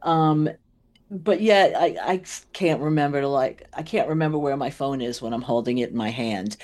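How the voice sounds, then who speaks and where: A woman's voice: rumbling low, normal speed, a little mellow. A middle-aged woman telling rambling stories in casual chat as a co-host, often laughing.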